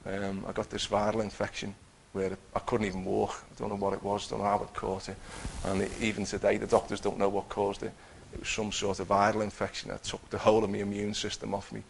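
A man's voice: lowish voice, completely flat delivery, fairly quick, vocal fry, few pauses, a little hiss or hum. A man giving an earnest personal testimony, telling his story with many restarts. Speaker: testifying believer.

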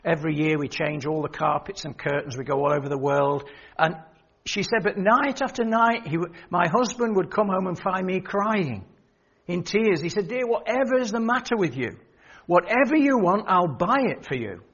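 An older man preaches and tells stories, voicing the people in them as he goes. His voice is a little high and husky. The recording sounds muffled and lo-fi. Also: animated, normal speed, fairly bright tone. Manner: storytelling, quoting others, rising emphasis. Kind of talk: sermon with anecdotes. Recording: dull lo-fi sermon recording.

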